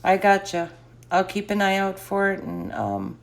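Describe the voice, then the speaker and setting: A woman's voice: mid-range voice, very animated, unhurried. A middle-aged woman chatting casually and answering live comments, laughing often.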